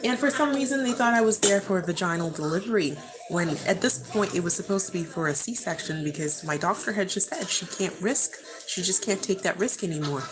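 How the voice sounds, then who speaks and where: A woman's voice: on the low side, expressive, fairly quick, few pauses, background noise. Passionate woman vlogging at home. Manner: passionate, emotional, addresses viewers as guys. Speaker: vlogger answering viewer questions. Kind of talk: casual storytelling to camera.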